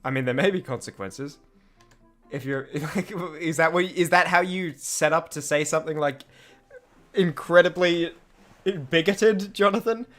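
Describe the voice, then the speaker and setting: A man's voice: on the high side, unhurried, a bit bright, soft background music. A man streaming a dating game, reacting with exasperated, sarcastic commentary and laughing asides.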